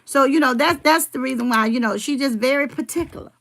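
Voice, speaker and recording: A woman's voice: high-pitched, brisk, fairly bright tone. A middle-aged woman rambling in casual livestream chat, telling family stories and answering her viewers' comments.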